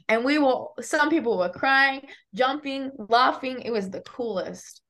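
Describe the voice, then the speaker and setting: A young woman with an Australian accent, a college softball pitcher chatting casually and upbeat as a guest in an interview. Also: moderate pace, hardly any pauses. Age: young adult.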